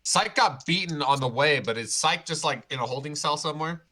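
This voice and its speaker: A man playing a tabletop game casually, laughing often and dropping his voice low for menacing in-character lines. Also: fairly quick, sharp tone. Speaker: player.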